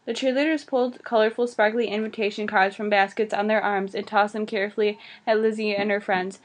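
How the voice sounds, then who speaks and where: A woman reading a children's novel aloud in a plain, steady voice. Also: medium pitch, brisk. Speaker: audiobook reader. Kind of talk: storybook read-aloud.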